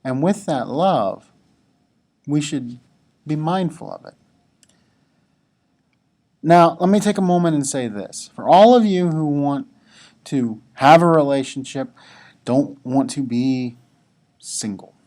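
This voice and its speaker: A man giving a devotional talk to students, relaxed and conversational, with casual asides to the listeners. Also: fairly high pitch, takes it slowly, pauses often.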